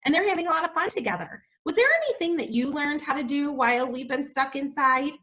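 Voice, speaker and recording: A woman teacher giving a reading lesson to young children, sounding out letters slowly and gasping in delight. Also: sits high, a bit bright. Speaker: kindergarten teacher.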